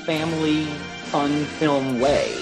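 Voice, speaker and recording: A man's voice: a little high, steady tone, slow pace, over loud music, low-quality recording. A man co-hosting a casual podcast, talking about film performances in an enthusiastic, rambling way with many fillers. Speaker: podcast co-host.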